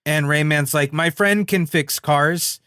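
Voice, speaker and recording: Animated man, high voice, dry sound. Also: a little slow, clean tone, no room sound. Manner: animated, laughs often, acts out quotes. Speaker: podcast co-host. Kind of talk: casual chat.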